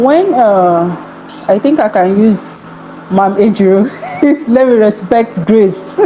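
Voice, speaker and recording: A woman's voice: medium pitch, mellow, muffled recording, slight background noise. Chatty woman on a call, a bit unwell. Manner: chatty, laughs often. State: a little under the weather, voice not clear. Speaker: guest speaker. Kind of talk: online talk. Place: home with a generator running nearby. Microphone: video call.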